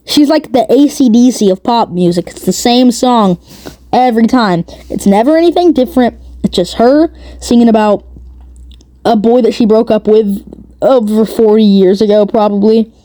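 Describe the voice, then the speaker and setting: A woman's voice: on the high side, normal speed, dark tone. A woman giving a rambling, sarcastic commentary rant as a video creator. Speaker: commentary youtuber. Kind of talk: ranting commentary.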